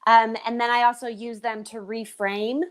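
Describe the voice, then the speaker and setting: A woman performer talking as a guest in an animated, expressive way. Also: on the high side, moderate pace, clean tone. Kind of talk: casual chat.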